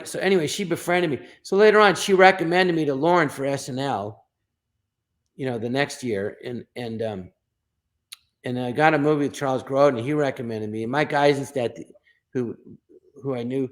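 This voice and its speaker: A man, a guest comedian, telling anecdotes and acting out the people in them with animated bursts. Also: medium pitch, moderate pace. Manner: acts out quoted voices in animated bursts. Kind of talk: storytelling anecdotes.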